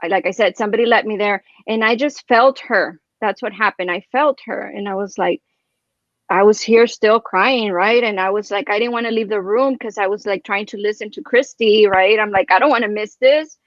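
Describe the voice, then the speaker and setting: A woman telling a personal story in casual chat as a guest, rambling and animated, filling her speech with "like" and "right?". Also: mid-range voice, normal speed, no room sound, lo-fi sound.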